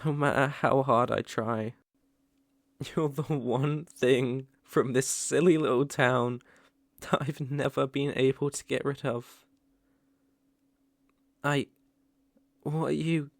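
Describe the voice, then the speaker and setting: A tender, remorseful young ex-boyfriend with a British accent, as a man plays him in a whispered role-play. His voice carries a gravelly, fry-laden edge and he lingers slowly over each halting phrase, close and dry on the mic. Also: medium pitch, fairly even intonation, no room sound. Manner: hesitant, halting, with soft laughs. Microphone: close mic, ASMR.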